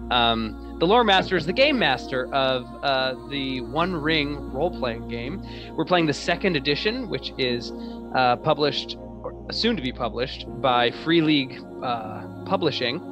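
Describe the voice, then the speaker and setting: A man's voice: medium pitch, animated, measured pace, over music. A man hosting and running a tabletop role-playing game, chatting casually with many fillers and restarts. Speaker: game master.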